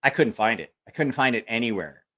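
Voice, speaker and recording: A man's voice: mid-range voice, animated, brisk, bright, forceful tone. Profane rambling male livestream host. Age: adult with school-age child. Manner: rambling, profane, storytelling with quoted voices. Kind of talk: casual livestream chat.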